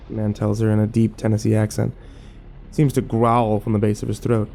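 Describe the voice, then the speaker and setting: A man narrating a first-person horror story in a measured voice. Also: fairly low pitch, completely flat delivery, creaky, mellow, slight background noise.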